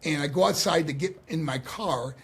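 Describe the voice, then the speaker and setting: A man in his sixties from New York, a guest on a podcast, telling animated stories and acting out the quotes. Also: a little high, moderate pace, slightly rough. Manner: animated, acts out quotes, laughs often. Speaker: guest, former pro wrestler. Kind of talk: storytelling in a podcast conversation.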